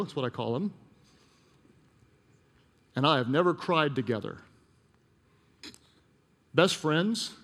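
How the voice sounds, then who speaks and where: A man preaching a sermon, telling a story with emphatic repetition and dropping soft and slow at emotional points. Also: medium pitch, big-room sound. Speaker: pastor.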